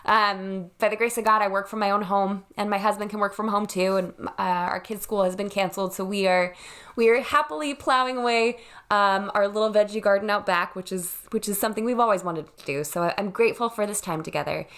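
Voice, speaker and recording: A woman's voice: medium pitch, fairly even intonation, brisk, a bit bright. A woman in her thirties, a wedding planner, talking earnestly and reassuringly to camera from her home. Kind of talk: direct-to-camera vlog.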